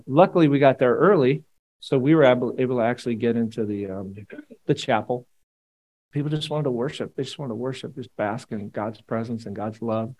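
A man preaching a sermon in a relaxed, conversational way. His voice sits at an ordinary middle pitch, and he moves between quiet earnest stretches and lively, joking asides aimed at his listeners. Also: low-quality recording. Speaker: pastor.

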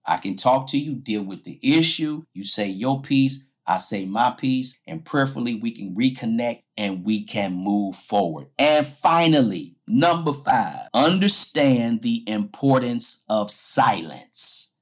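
A man delivers a sermon-like podcast talk at a medium pitch. He is emphatic and slows down to drive his points home. His points come back again and again, like a preacher coaching his listeners. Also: lively intonation.

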